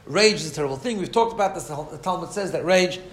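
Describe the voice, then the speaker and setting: A man's voice: fairly high pitch, animated, fast talker, a bit bright, roomy sound. Man giving a chatty Torah class. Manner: conversational, keeps asking "right?", acts out quoted voices. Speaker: rabbi teaching a class. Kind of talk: Torah lecture.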